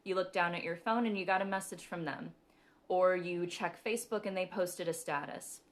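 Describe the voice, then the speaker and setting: Giggly woman with a lowish voice. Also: fairly even intonation, normal speed. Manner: chatty, giggly, many ums. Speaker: spiritual reader and host. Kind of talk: casual live-stream talk.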